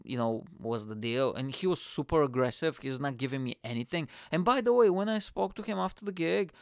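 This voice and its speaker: A man's voice: mid-range voice, animated, brisk, gravelly, clean tone, no room sound, clean studio sound. A young man, a stand-up comedian, rambling impulsively and swearing as he tells a story on his podcast. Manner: impulsive, profane, rambling, lots of fillers. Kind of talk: casual storytelling chat.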